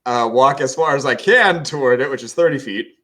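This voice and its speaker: A man playing in a tabletop game, describing his character's actions haltingly, with frequent pauses for words. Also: medium pitch, fairly bright tone. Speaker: player. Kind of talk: casual tabletop play.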